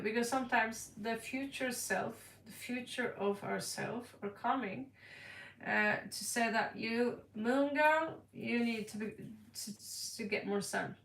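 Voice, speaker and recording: A woman talks slowly and bluntly through a casual tarot reading, playful and quick to laugh. Her voice sits a little high with a gravelly edge. She sounds set back from the mic in an echoey room. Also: a bit bright, recorded from a distance, slight background noise. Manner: blunt and playful, laughs and repeats words for effect. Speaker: tarot card reader.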